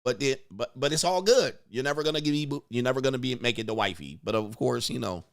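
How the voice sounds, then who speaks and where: A man's voice: mid-range voice, quick pace, gravelly. A man hosting a casual reaction commentary, crude and joking, often mimicking other people's voices. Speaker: commentary show host.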